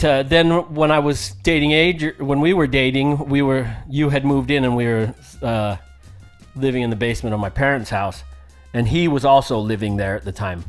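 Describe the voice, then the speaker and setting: A man in his thirties, raised in Samoa, co-hosting a podcast in casual storytelling chat, rambling and laughing, with frank swearing. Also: medium pitch. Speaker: podcast co-host.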